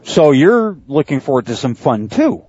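A man's voice: medium pitch, sing-song, moderate pace, mellow, husky, no room sound. Dry lo-fi male podcast host. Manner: laughs often, stumbles over words. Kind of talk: casual podcast chat. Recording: dry, dull lo-fi mic.

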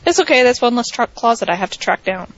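Lively chatty woman co-host. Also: on the high side, quick pace, a little hiss or hum. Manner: chatty, lots of "like", wry asides. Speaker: podcast co-host. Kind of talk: casual chat. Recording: dry, slightly dull lo-fi sound.

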